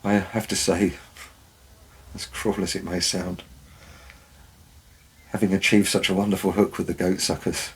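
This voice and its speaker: Very deep, husky-voiced man telling stories. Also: level tone, a little slow, pauses often, rough recording. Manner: dry, wry anecdotal storytelling. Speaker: former forest warden. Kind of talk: storytelling narration.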